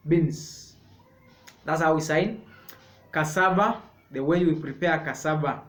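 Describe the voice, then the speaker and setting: Slow-talking man teaching signs. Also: a little high, fairly bright tone. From Kenya. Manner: slow, repetitive, explaining step by step. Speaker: sign language teacher. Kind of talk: slow spoken sign language lesson. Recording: echoey room.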